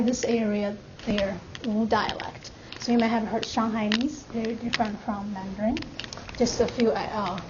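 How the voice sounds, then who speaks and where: A woman from China with a Chinese accent, giving a classroom lecture as a language instructor, patiently checking that students follow. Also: on the high side. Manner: explains patiently, checks understanding with "right?". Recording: muffled classroom recording with background noise.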